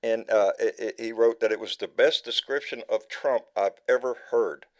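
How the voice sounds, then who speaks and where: A man's voice: mid-range voice, moderate pace. A man hosting a live online talk show, reading a long comment aloud, often stumbling and restarting words. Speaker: host.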